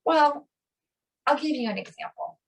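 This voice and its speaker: A middle-aged woman co-hosting a casual conversation, telling a personal story with animated delivery and acting out the voices of people she quotes. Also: sits high, moderate pace. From Italian American. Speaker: podcast co-host. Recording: voice a bit distant from the mic.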